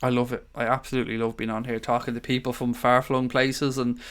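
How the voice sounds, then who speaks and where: A man's voice: medium pitch, flat delivery, fast, a bit bright, clear, resonant tone. An Irish man hosting a casual live stream, reading out viewer comments and greeting people as mate and buddy. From Ireland. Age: adult father of young children.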